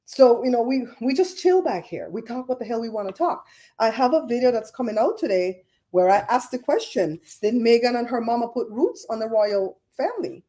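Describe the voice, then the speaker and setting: A middle-aged woman hosting a livestream, chatting casually in an animated, gossipy way with frequent laughs. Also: on the high side, a little fast. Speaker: livestream host.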